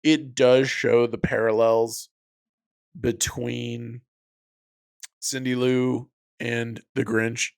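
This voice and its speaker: A man's voice: mid-range voice, vocal fry. A man co-hosting a podcast, chatting casually about films, laid-back and swearing as he argues his view. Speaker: podcast co-host. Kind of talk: casual film review chat.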